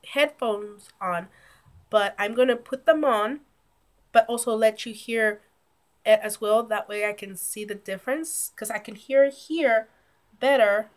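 A woman with a cold, nasal and a little short of breath, chatting casually to her channel's viewers. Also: medium pitch. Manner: chatty, rambling, self-correcting. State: sick and nasal. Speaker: YouTube vlogger. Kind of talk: casual vlog intro to camera.

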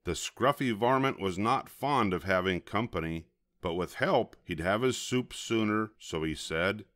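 An older man reading a children's storybook aloud in a gentle, expressive storytelling manner. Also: fairly low pitch, unhurried, no echo, clean studio sound.

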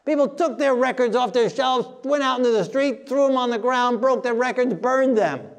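A man preaching a sermon, forceful and plain-spoken, mocking timid voices as he quotes them. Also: extremely high pitch, moderate pace.

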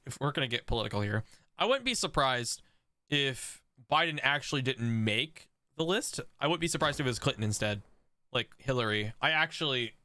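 A young man streaming an online strategy game, reacting excitedly to chat and laughing at other players. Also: medium pitch, dry recording. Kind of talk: live game stream commentary.

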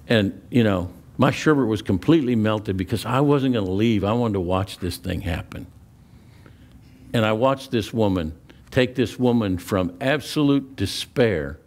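A male pastor preaching a sermon in a lowish voice. He tells stories in a loose, conversational way, repeating words as he restarts sentences, and slows down to press a point. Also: a little mellow.

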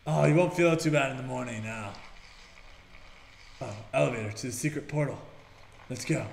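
A young man hosting a let's-play video, excitable and breaking into shouts while he plays. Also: medium pitch, brisk, creaky, roomy sound, a little hiss or hum. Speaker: gaming video host.

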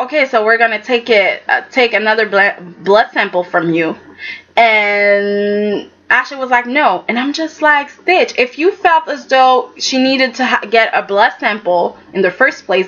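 A woman's voice: on the high side, highs cut off. A woman chatting casually and sassily through a recap, acting out the characters' lines as she goes. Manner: animated, sassy, acts out characters' lines. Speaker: soap opera recap vlogger.

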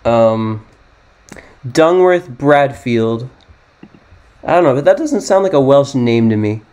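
A man's voice: medium pitch, lively intonation, takes it slowly, darkish tone, smooth. A young American man giving casual, self-mocking commentary as he plays a geography guessing game, rambling and thinking aloud. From United States. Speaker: gaming YouTuber.

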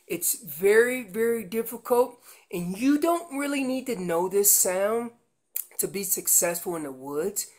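A man's voice: sits high, expressive, measured pace, a little mellow. A man explaining how to make an elk call, teaching in an earnest way and often repeating words as he goes. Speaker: elk calling instructor.

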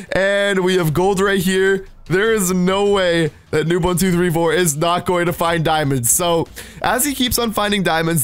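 A young man hosting a gaming video, giving excited commentary, exclaiming and laughing often. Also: a little high, clear, resonant tone. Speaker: gaming channel host.

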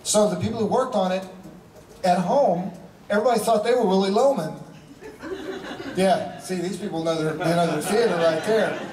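A middle-aged man telling stories to fans on a convention panel, animated and emphatic, repeating phrases for effect. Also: high voice, normal speed, pauses often. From United States. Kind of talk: storytelling to a fan audience. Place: convention hall. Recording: echoey hall, heard from far off.

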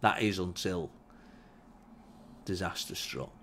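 Low-voiced man, dry mock-solemn storytelling. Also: slow pace, pushed and bright, slight background noise. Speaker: comedian. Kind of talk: deadpan comic monologue.

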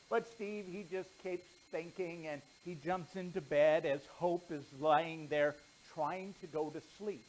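A man pastor telling a children's story with lively storytelling before earnest preaching. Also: fairly high pitch, a little slow, few pauses, slight background noise, poor audio.

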